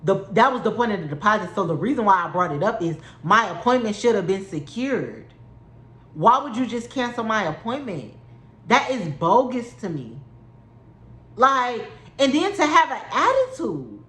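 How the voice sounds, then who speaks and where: A woman's voice: mid-range voice, sing-song, moderate pace, fairly bright tone, reverberant. A young woman, telling a heated storytime, swearing and repeating herself for emphasis. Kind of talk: storytime vlog.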